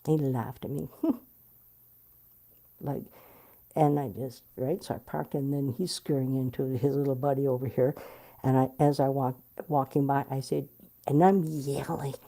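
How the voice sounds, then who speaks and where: Low-voiced woman telling a blunt story. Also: unhurried, long pauses. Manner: animated and blunt, swearing freely. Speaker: interviewee. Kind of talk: candid storytelling.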